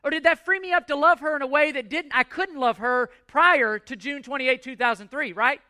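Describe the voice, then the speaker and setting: A man's voice: very high-pitched, fairly quick, bright, forceful tone, dry recording, studio quality. A man in his forties preaching a sermon in an emphatic way, asking rhetorical questions and repeating words as he works through his points. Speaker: pastor.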